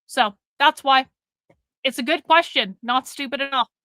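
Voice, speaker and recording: A woman's voice: high voice, moderate pace, heavy background noise. A woman hosting a live stream, commenting bluntly and explaining things to her chat. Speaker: livestream host.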